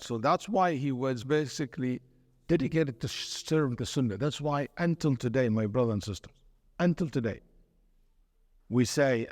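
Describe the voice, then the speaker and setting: A man's voice: mid-range voice, clean studio sound. Man preaching in a reverberant hall. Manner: animated storyteller mixing in Arabic terms and quotes. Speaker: imam and teacher. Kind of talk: sermon lecture with storytelling. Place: mosque hall.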